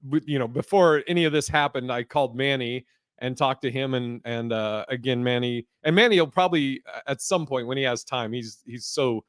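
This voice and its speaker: A man's voice: mid-range voice, a little fast, smooth, no room sound, studio quality. A man hosting a podcast in loose, profane casual chat, laughing as he tells stories. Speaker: podcast host.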